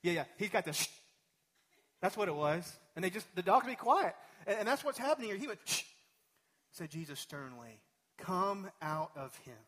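Conversational pastor preaching to a congregation. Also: male voice, high voice, very animated, fast, hardly any pauses, fairly bright tone, slightly rough. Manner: conversational, digressive preaching with asides. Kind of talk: sermon. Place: church sanctuary.

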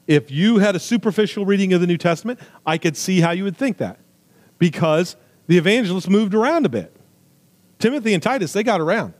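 A man preaching a sermon with emphatic, swinging delivery, loud high stresses falling to quiet low asides, with jokey remarks. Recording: long hall reverb.

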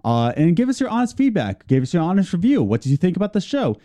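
Lively, mellow-voiced male podcast host. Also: high voice, fast talker. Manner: playful, teasing asides. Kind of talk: casual podcast chat.

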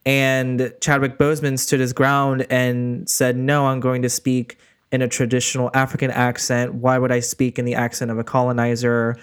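Male co-host, mid pitch, clear tone, earnest and methodical. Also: completely flat delivery, normal speed. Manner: earnest storyteller, lays out points in order. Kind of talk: casual chat.

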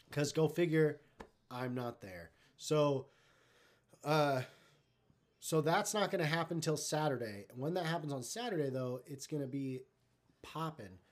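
A man hosting a live stream in casual chat, talking in a loose, rambling, profane way. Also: fairly high pitch.

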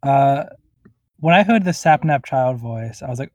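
A man's voice: mid-range voice, moderate pace, no room sound, low-quality recording. Laid-back man podcasting from a closet. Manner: laid-back, rambling, lots of likes and uhs. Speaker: podcast co-host. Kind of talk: casual review chat. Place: closet in a friend's house. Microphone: remote call recording.

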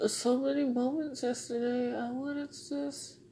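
A woman's voice: high voice, flat delivery, measured pace, warm tone, a little hiss or hum. A young woman podcaster venting in a raw, rambling monologue, swearing and tearful.

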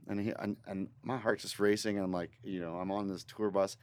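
A man from Northern Ontario, a guest musician telling a rambling, animated story in a casual studio interview. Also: lowish voice, quick pace, dry recording. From Northern Ontario, Canada. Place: recording studio.

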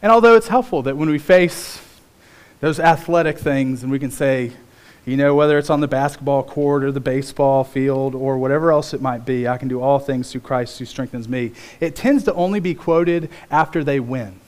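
A man preaching a sermon as pastor, telling stories in an animated way with big swings in pitch. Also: moderate pace, clear, resonant tone.

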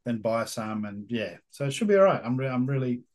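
A man's voice: mid-range voice, sing-song, a little fast, darkish tone. An Australian man co-hosting a casual whisky podcast, laid-back and swearing now and then. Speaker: podcast co-host. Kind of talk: casual chat over whisky.

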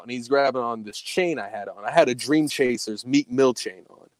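A young man telling a story in casual podcast chat, profane and animated, acting out the quoted dialogue. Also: mid-range voice, a little fast, no echo.

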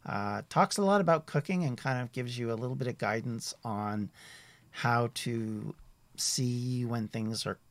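A man narrating as game master of a tabletop role-playing game, relaxed and meandering. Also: mid-range voice, a little slow, no room sound.

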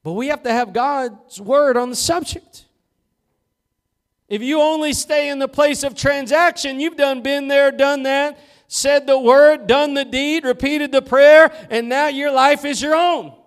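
A man preaching a sermon as pastor in a church, fervent and swinging from loud to hushed. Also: very high voice, steady tone, unhurried. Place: church sanctuary.

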